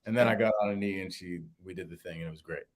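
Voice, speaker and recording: A young man, co-host of a podcast, telling a story in casual chat and acting out quotes in a higher voice. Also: racing. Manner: animated, acts out quotes in a higher voice.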